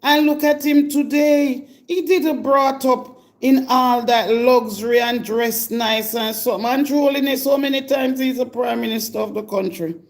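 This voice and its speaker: A Jamaican woman hosting a live stream launches into a confrontational rant, scolding and indignant as she calls out her target directly. Her voice sits on the high side with a steady tone, a slightly slow pace, and hardly any pauses.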